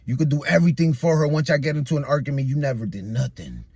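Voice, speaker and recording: A man's voice: medium pitch, lively intonation, quick pace, darkish tone, husky, no echo. A frustrated young man venting in a rambling monologue, repeating himself often, recorded outdoors in a busy public area.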